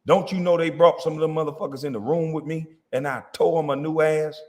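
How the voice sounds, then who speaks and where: A man's voice: fairly high pitch, steady tone, a little fast, darkish tone, in a large hall. A man, a former basketball player, delivering a heated, profane, confrontational rant at a critic. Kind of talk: angry rant.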